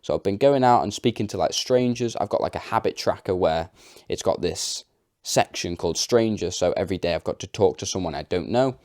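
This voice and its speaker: A young man talks straight to camera in a loose, unscripted way, leaning on fillers and poking fun at himself. His voice sits low. The recording is dry and close, with no room sound. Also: expressive, a little fast, a little mellow, dry recording. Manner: chatty, filler-heavy, self-deprecating. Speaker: vlogger.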